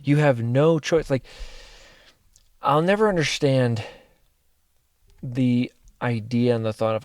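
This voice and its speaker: A man's voice: medium pitch, expressive, takes it slowly, pauses often, a little mellow, dry recording, clean studio sound. A man coaching his listeners in a motivational monologue, speaking directly and earnestly and repeating phrases for emphasis. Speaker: life coach and mentor.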